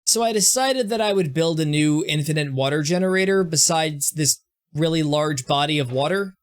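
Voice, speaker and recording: A man's voice: on the high side, normal speed. Stammering young man narrating his game. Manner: self-mocking, frequent stammered restarts. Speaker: gaming streamer. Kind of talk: casual gameplay commentary.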